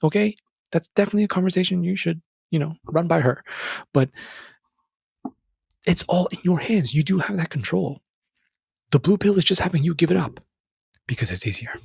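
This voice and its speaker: Young man, podcast host, husky tone, fairly high voice, casual earnest pep talk, calls the listener brother. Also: expressive, moderate pace, pauses often, darkish tone, no room sound, clean studio sound. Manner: casual and earnest, calls listener brother and bro, pitch jumps when emphatic. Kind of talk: motivational monologue.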